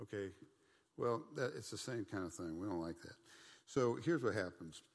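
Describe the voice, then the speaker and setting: A middle-aged man with a lowish voice leads a Bible study in a relaxed, folksy way. He talks conversationally, tossing in asides and playful mock voices. His voice carries a long hall reverb. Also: moderate pace.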